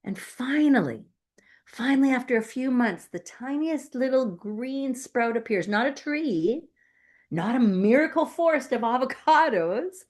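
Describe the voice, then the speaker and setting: A woman's voice: high voice, lively intonation, measured pace, a little mellow. A woman giving a playful, emphatic inspirational sermon as a guest speaker, laughing often. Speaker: guest speaker at a spiritual center.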